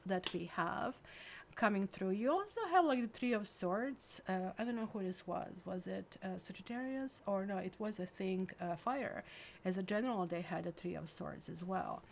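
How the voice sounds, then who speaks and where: A woman's voice: mid-range voice, moderate pace, creaky, a little hiss or hum. Chatty woman reading tarot, accented. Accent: non-native English accent. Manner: chatty and rambling, with many fillers like "like" and "um". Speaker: tarot reader. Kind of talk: casual tarot reading monologue.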